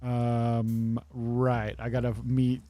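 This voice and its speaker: A man's voice: medium pitch, monotone, very slow, warm tone, no echo. A man streaming a game, giving casual, joking and self-mocking commentary. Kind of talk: casual commentary over gameplay.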